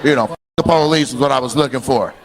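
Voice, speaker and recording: On a comedy club stage before a live crowd, a male stand-up works the room with brash teasing, laughing often as he goes. His voice is mid-pitched and fast, and audience laughter and applause fill the background.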